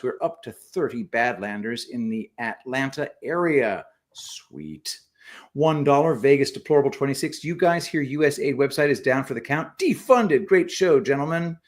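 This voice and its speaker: A man co-hosting a casual livestream, reading viewer messages aloud and adding quick remarks. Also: medium pitch. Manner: reads super chats aloud with quick asides. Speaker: co-host reading donor messages.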